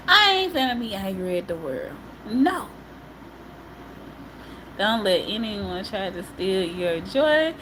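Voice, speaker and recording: A woman's voice: medium pitch, noisy background. A woman on a livestream giving an emphatic, repetitive monologue in casual colloquial speech, often breaking into laughter. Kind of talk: emotional live-stream monologue.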